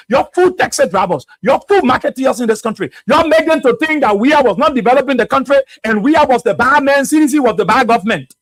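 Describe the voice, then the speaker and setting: Laughing frequently, a high-voiced man hosts a radio talk show in a Liberian English accent. His political commentary is lively and mocking, and the recording has no echo.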